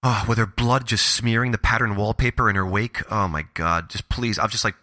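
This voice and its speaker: Bright, gushing man on a podcast. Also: fairly low pitch, brisk, no echo, studio quality. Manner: gushing, animated storytelling. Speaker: podcast co-host. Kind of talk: casual horror movie chat.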